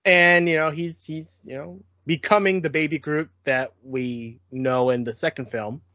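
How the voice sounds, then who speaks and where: A fairly high-voiced man in a casual podcast chat, animated and quick to laugh. The sound is dull and lo-fi, with a dry, close feel and no room around him. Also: no room sound. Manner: animated, laughs often, restarts a lot. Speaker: podcast co-host. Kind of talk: casual chat recapping shorts.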